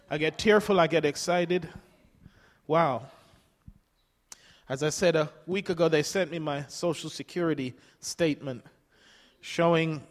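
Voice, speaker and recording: An older man preaching a sermon to a congregation, emphatic, calling out questions and dropping between loud and soft. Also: fairly high pitch, big-room sound. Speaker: pastor.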